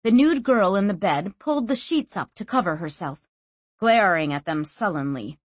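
A woman narrates a fantasy audiobook in a measured, quietly expressive voice. Her tone is husky and breathy at a middle pitch, and the recording is dry and close. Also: no room sound.

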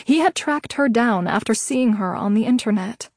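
Brief: female audiobook narrator, measured reading, slightly high pitch, dead-dry booth sound. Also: dry recording. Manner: steady, measured storytelling. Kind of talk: scripted narration.

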